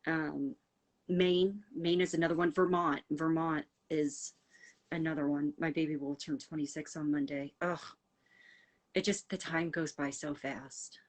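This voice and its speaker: Low-voiced woman rambling on a livestream. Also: fairly even intonation, unhurried. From United States. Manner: rambling and heartfelt, full of fillers, answering viewer comments. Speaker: livestream host. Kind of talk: casual livestream chat.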